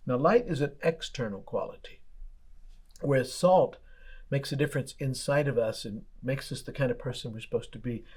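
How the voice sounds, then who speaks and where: A man's voice: medium pitch, normal speed, a little mellow, husky. A man, a church pastor, giving a daily devotional sermon in a folksy storytelling way, asking his listeners plain questions.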